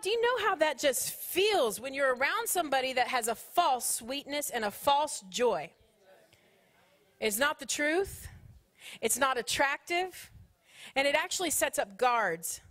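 A woman speaker in her thirties delivers a sermon to a conference crowd. Her voice sits high, and she moves between playful jokes and earnest exhortation. Her talk is full of Southern phrasing. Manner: animated, joking preaching with Southern phrasing.

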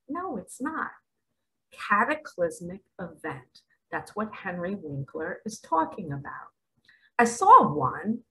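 A middle-aged woman delivering spiritual commentary with real fervor. Her bright voice swoops widely as she leans hard on her points and lingers over her words, now and then sinking to a whisper. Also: mid-range voice, low-quality recording. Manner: emphatic and dramatic, at times dropping to a whisper. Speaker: spiritual vlogger.

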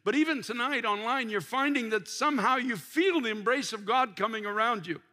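A man's voice: very high-pitched, fairly quick, bright, forceful tone. An older man preaching a sermon from a church pulpit, impassioned and full of restarts. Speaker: pastor. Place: large church sanctuary.

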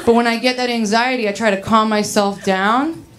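A young woman in her twenties performs a stand-up set into a handheld mic, her voice sitting a little high. She talks in a bubbly, giggly way. The live club recording is noisy, with laughter rolling in from the audience. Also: steady tone, normal speed. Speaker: stand-up comic. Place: comedy club stage.

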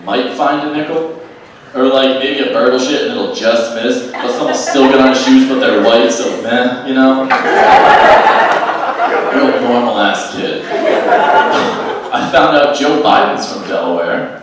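A man's voice: medium pitch, a little slow, long pauses. Young man, stand-up comedian, offhand rambling delivery, very echoey distant club sound, heavy noise. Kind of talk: stand-up set. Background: audience laughter.

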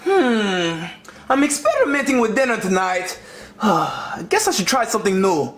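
A man voicing a melodramatic, whiny monster king in a comedy puppet video, sobbing and shouting in despair. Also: high voice, very animated, measured pace, echoey room, full character voice. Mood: musing. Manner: melodramatic, over-the-top despair. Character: whiny crybaby monster king, obsessed with a kids' show.

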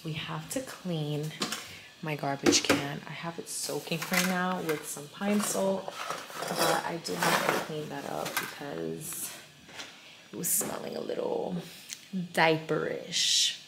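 Chatty young mom vlogger, noisy background. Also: female voice, sits low, steady tone, takes it slowly. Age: 20s. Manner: chatty, candid, swears freely. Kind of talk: casual vlog chat.

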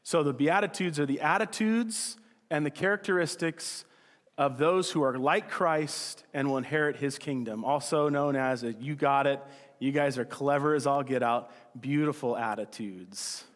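A male pastor giving a casual, joking sermon, with quick acted-out asides. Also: on the high side. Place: church hall. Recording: church hall with long reverb.

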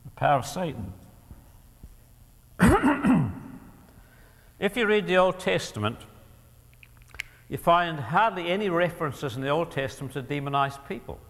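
Gravelly man teaching in an echoing hall. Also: on the high side, big pitch swings, unhurried, pauses often, fairly bright tone. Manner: emphatic, asks the audience rhetorical questions; clears throat often. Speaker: Christian teacher. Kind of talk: lecture-style teaching talk. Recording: long hall reverb.

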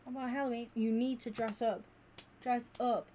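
Excitable woman streaming. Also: on the high side, normal speed, slight background noise. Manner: excitable and gushing, chatting with viewers while she plays. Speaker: gaming streamer. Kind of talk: casual live-stream chat.

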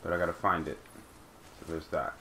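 A man's voice: extremely low pitch, steady tone, a little fast, vocal fry, bright, forceful tone, slight background noise. A man hosting a let's play, chatting casually over gameplay and talking back to the game and its creatures.

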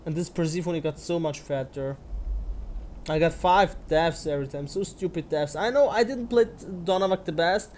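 A man's voice: a little high, normal speed, a little mellow, a little hiss or hum. A young man giving angry, swearing commentary over his own online game match. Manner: angry ranting, heavy swearing. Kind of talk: gameplay commentary.

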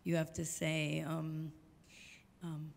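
A woman's voice: low voice, monotone, takes it slowly, creaky, darkish tone. An older woman giving a storytelling lecture, animatedly acting out the voices of the people she quotes. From United States. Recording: long hall reverb.

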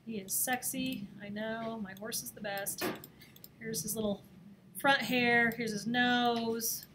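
A woman teaching a screen-recorded design software lesson, talking in a chatty, playful way and laughing at herself as she works. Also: on the high side, fairly even intonation, slow, noisy background. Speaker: design instructor. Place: office or classroom.

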